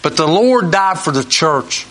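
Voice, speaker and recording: Bright-voiced folksy preaching man. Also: on the high side, lively intonation, measured pace. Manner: homespun storyteller, repeats key phrases. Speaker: Christian talk show host.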